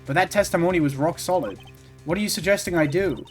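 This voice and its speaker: A man's voice: sits high, fast, faint music behind, close to an everyday voice. A man voicing an earnest young male defense lawyer, puzzled and questioning.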